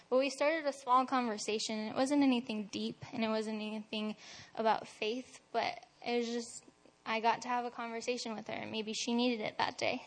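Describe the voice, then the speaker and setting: A young woman sharing a church testimony in a reserved, reflective way. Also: a little high. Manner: soft-spoken, reflective, reserved.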